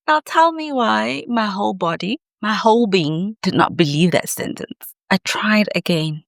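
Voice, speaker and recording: A woman's voice: medium pitch, lively intonation, a little slow, creaky, hardly any pauses, no room sound, studio quality. A woman in her thirties talking to camera in a reflective late-night vlog, personal and emphatic. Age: 30s. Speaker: vlogger.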